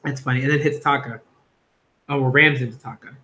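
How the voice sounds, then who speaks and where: A man's voice: mid-range voice, steady tone, brisk, pauses often, bright, forceful tone. A man reviewing a manga in a rambling, chatty live reaction, with slangy asides. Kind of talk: casual live reaction commentary.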